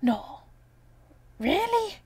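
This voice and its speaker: A woman's voice: very high-pitched, sing-song, extremely slow, a little mellow, no room sound, pitched above the performer's own voice, exaggerated voice. A woman reading aloud and voicing an old uncle who likes to tell long stories of his adventures. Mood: doubtful. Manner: chatty, storytelling. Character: old rambling male uncle, fond of tall tales.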